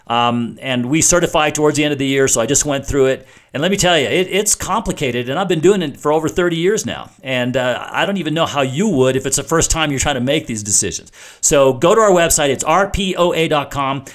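A man's voice: on the high side, fairly bright tone. A middle-aged man hosting a finance radio show, explaining things in a conversational way with frequent restarts. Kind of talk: talk radio monologue.

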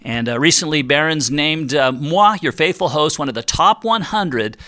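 A middle-aged man, a retirement planner hosting a financial radio talk show, speaks at a moderate pace in a slightly high, expressive voice that's pushed and bright. He's chatty and playful, often performing the voices of worried investors.

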